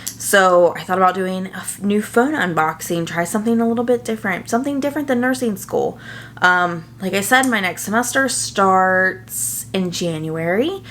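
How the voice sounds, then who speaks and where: A young woman talks straight to camera in a relaxed vlog, earnest and chatty, tripping over small fillers as she goes. Her voice sits at an ordinary middle pitch. A faint hum runs underneath. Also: moderate pace. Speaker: nursing student vlogger. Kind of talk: casual chat to camera.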